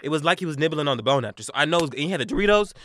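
A young man co-hosting a podcast, telling an animated, profane story in casual chat. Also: fairly high pitch, very fast, slight background noise. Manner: animated, profane, replays his own quotes. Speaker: podcast co-host.

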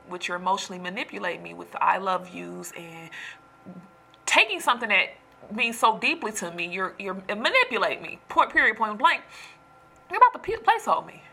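Woman, casual vent to camera, breathy and bright, emphatic delivery. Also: mid-range voice. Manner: animated, emphatic, preachy. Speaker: storyteller venting to viewers. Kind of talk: casual chat.

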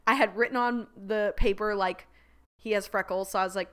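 A woman hosting a podcast, telling a story in a casual monologue, animated and laughing often, with lots of "like" fillers. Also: medium pitch, fairly quick. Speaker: podcast host.

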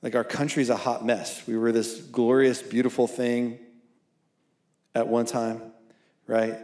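Preaching at a college service held in a church hall, this man speaks to young adults in a casual, talky manner, often dropping in "right?" and reading passages of scripture aloud. His mid-range voice is somewhat dark in tone, fairly flat in pitch, and a touch slow. The spacious hall gives the recording a strong echo.

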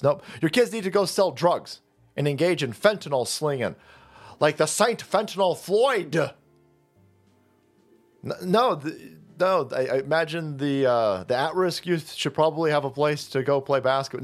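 A man hosts political commentary in a sarcastic, mocking, foul-mouthed way, his voice sitting a little high. Faint music runs beneath his talk. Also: normal speed. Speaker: commentary channel host.

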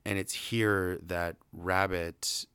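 A man's voice: sits low, fairly even intonation, takes it slowly, fairly bright tone, clean tone, no echo. A man casually recapping a film's plot in a chatty, rambling, amused way. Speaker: film reviewer.

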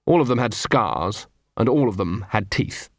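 A man narrating an audiobook, telling a comic story in an even, dry manner on a close studio mic. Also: on the low side, unhurried, dry recording. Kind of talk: scripted narration.

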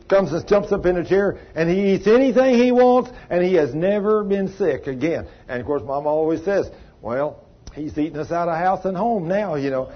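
A man's voice: fairly high pitch, husky. A man preaching a sermon, telling folksy stories and acting out the people in them, recorded on dull lo-fi audio. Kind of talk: storytelling sermon.

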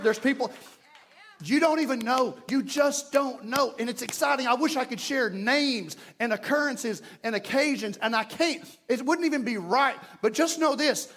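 A man preaching a fervent sermon as pastor in a church, sometimes shouting and acting out prayers. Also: extremely high pitch. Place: church sanctuary.

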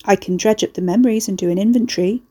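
A woman voicing a slow, scratchy house-spirit man. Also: warm tone, slightly rough, lightly acted. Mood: matter-of-fact. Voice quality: deeper, scratchy, slow and halting. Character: bulky old house in male human form, earnest.

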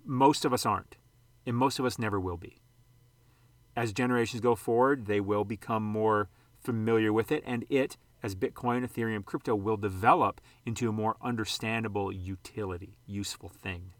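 A man's voice: lowish voice, steady tone, moderate pace, no echo. A man hosting a casual vlog, rambling and conversational, throwing out rhetorical questions and the odd mild curse. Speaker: sports card channel host.

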